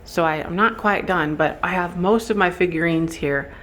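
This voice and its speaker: A man touring his vintage shop on a casual vlog, thinking out loud and chuckling as he goes, recorded on a handheld camera and later a phone. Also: high-pitched, moderate pace, a little hiss or hum. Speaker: shop owner and vlogger. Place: indoor vintage shop room. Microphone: handheld camera, then phone.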